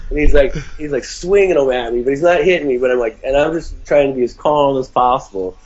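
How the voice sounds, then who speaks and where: A man spins a long, meandering story as a podcast guest. He swears freely, keeps dropping "man" and "you know", and jumps into animated, raised voices for the people in the tale. The recording sounds a bit dull and lo-fi. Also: medium pitch, fast. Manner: rambling and profane, with lots of fillers; animated, raising his voice for other people's lines. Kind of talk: casual storytelling.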